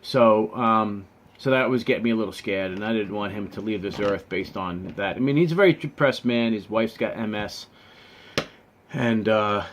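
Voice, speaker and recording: A man's voice: lowish voice, moderate pace, slight background noise. A man telling a personal story in a casual vlog, earnest and rambling. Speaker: vlogger.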